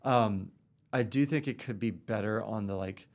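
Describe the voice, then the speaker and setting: A man's voice: lowish voice, moderate pace, darkish tone. A man around forty, a podcast guest talking casually with lots of fillers and restarts. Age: about 40. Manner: rambling, many fillers and restarts. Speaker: guest, real estate broker.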